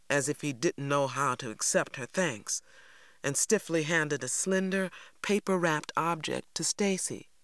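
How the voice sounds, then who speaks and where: A man reading a novel aloud as narrator in an even, unhurried way. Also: fairly high pitch, dry recording. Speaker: audiobook narrator. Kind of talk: scripted narration.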